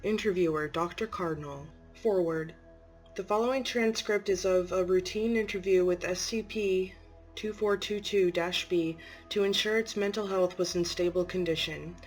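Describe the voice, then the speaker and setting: A woman's voice: fairly low pitch, normal speed. Woman narrator, horror story reading, matter-of-fact, faint music underneath.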